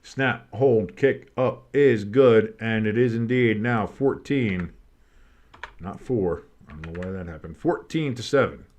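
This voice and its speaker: A man giving casual play-by-play commentary on a game, rambling and swearing between plays and bursting out with excitement on big ones. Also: fairly low pitch, takes it slowly, dull audio. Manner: rambling, swears, breaks off into nostalgic tangents. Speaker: play-by-play streamer.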